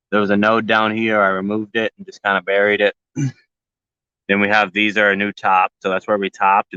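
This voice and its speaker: Bright, crisp-voiced man rambling. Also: fairly low pitch, no echo, muffled recording. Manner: rambling, jokey, talks to his plants. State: short on sleep. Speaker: grow channel host. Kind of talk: casual walkthrough vlog.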